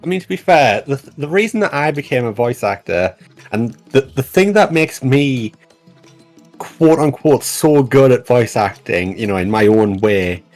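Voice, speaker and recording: A man's voice: medium pitch, expressive, normal speed, a little mellow, soft background music. A man who works as a voice actor, chatting casually and rambling with restarts on a development stream. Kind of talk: casual chat on a dev stream.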